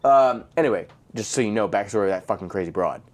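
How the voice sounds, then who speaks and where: A man's voice: lowish voice, fast talker. A man co-hosting a casual movie review podcast, swearing often and acting out scenes as he retells them. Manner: animated, profane, acts out scenes. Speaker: podcast co-host.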